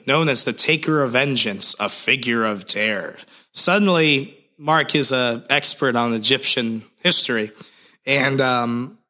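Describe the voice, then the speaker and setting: A man's voice: medium pitch, sharp tone. A young man co-hosting a podcast, recapping a comic in a rambling, jokey way with lots of fillers. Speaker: podcast co-host.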